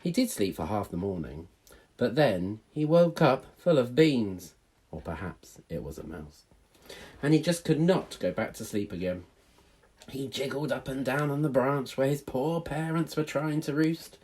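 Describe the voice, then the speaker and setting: A male teacher reading a storybook aloud to children in a playful, animated way. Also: medium pitch, a little slow, slightly rough.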